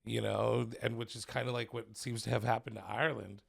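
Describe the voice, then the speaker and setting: A man's voice: mid-range voice, little pitch movement, a little fast, gravelly, breathy edge. A man co-hosting a comedy history podcast, reacting in laid-back, profane casual chat. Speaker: podcast co-host.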